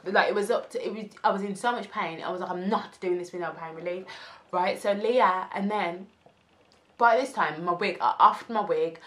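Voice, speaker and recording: A young woman telling a casual story, animated and acting out the people she quotes. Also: fairly low pitch. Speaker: vlogger.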